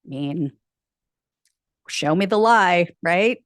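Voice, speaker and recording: A woman's voice: fairly low pitch, expressive, slow pace, no echo, clean studio sound. A woman hosting a political news show, casually commenting and reading out posts with wry, sarcastic asides.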